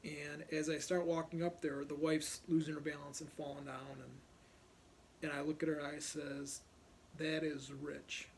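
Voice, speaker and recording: Gravelly man telling a blunt story. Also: a little high, flat delivery, normal speed, a little hiss or hum. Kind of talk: personal storytelling.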